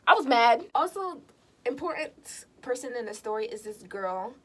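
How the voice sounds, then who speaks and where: A woman vlogger telling a personal story in a casual, slangy, animated way. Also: on the high side, normal speed. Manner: animated, slangy, acts out quotes of others.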